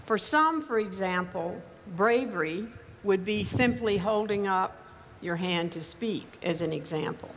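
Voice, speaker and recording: An older woman with a mild Texas accent, giving a commencement speech in a measured, wry storytelling manner. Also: mid-range voice, lively intonation, slight background noise. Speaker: commencement speaker. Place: large ceremony venue. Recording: reverberant hall, faint ambience.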